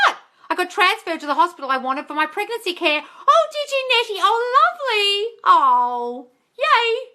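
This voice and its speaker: Lively, profane woman coach. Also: high voice. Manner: blunt, profane, playful, calls everyone darling. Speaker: manifestation coach answering live questions. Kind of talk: casual live Q&A, reading comments aloud. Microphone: phone.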